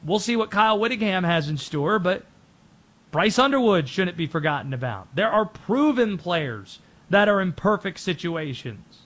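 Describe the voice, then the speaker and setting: A man hosting a sports show, giving rapid-fire, opinionated commentary on football and soccer. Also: high-pitched, lively intonation, a bit bright.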